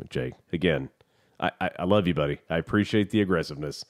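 A man co-hosting a podcast, telling a story in a casual, profane, animated way. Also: extremely low pitch, quick pace. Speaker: podcast co-host. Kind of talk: casual chat.

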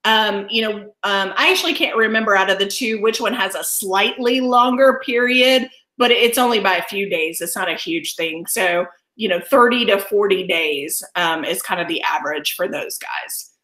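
Bright, upbeat woman wildlife educator. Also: mid-range voice, normal speed, hardly any pauses, reverberant. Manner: enthusiastic, laughs often. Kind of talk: online presentation. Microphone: video call.

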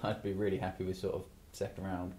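Rambling through casual talk-show chat, this English podcast host keeps restarting, going off on asides and saying "you know." He speaks fast in a low, slightly mellow voice with a completely flat delivery.

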